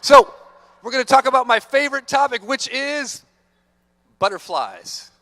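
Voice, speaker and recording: A man giving an energetic, playful motivational talk to students, teasing the audience, on a stage microphone in a large conference hall. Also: very high voice, measured pace. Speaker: motivational speaker.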